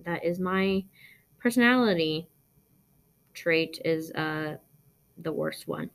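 A woman's voice: low voice, slow pace. A young woman podcast host from Arizona, chatting casually through listener questions, rambling with lots of ums and likes, blunt and profane. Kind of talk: casual Q&A chat.

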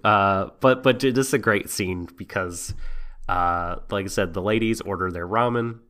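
A man's voice: fairly low pitch, normal speed, fairly bright tone. A man co-hosting a podcast, casually recapping an anime episode with frequent laughs and many ums. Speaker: podcast co-host.

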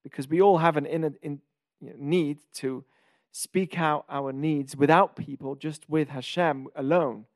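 The studio-quality, dry recording captures a man with a fairly high, steady voice speaking unhurriedly. He hosts a podcast teaching the weekly Torah portion in a casual way, explaining Hebrew words and raising rhetorical questions.

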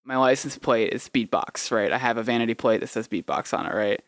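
A man's voice: medium pitch, brisk, fairly bright tone, no echo. A man telling a casual story in a chatty, rambling way. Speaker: beatboxer interviewee.

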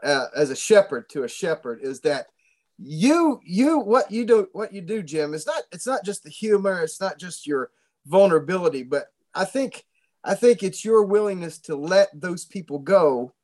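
Male pastor, high voice, earnest, preacherly, repeats himself. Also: expressive, normal speed, a little mellow. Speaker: pastor and guest interviewer. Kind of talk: casual conversation.

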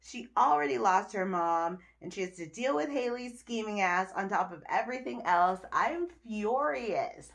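A young woman hosting a podcast, recapping a TV episode in casual chat, animated and exasperated, with cursing and laughter. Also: a little high. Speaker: podcast host reviewing a TV episode.

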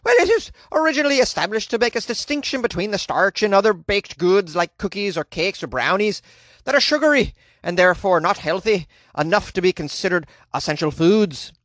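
Man doing a high, rushed, stiff Irish judge with a shaky accent, comic bit. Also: expressive, a bit bright, no echo. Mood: pompous. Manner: fast, clumsy put-on Irish accent. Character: male Irish supreme court judge, stiff and formal.

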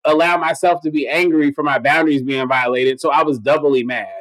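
A man telling a story on a casual podcast, profane and animated, acting out every quoted line of dialogue. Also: a little high, a little fast, no room sound, poor audio.

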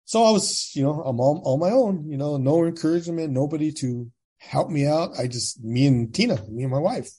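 A husky-voiced man in his sixties from California, settling into a long casual story. His voice sits on the dark, mellow side. He talks plainly and jumps into other people's voices when he quotes them. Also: a little high, brisk, hardly any pauses. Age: 60s. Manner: animated storyteller, acts out quoted dialogue. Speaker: guest.

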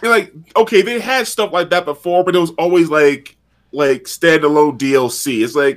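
A man's voice: fairly high pitch, moderate pace. A man co-hosting a podcast in casual chat, teasing and sarcastic. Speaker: podcast co-host.

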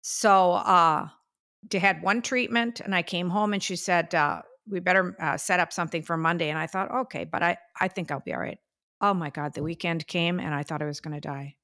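An older woman co-hosting a podcast, chatting casually and telling stories with drawn-out fillers and sighs. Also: on the low side, fairly even intonation, fairly bright tone. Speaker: podcast co-host. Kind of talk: casual chat.

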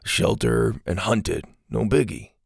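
A man voicing a laid-back, understated boy survivor in a storybook reading, with a husky, gravelly voice. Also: on the low side, big pitch swings, slow, dry recording, studio quality, full character voice.

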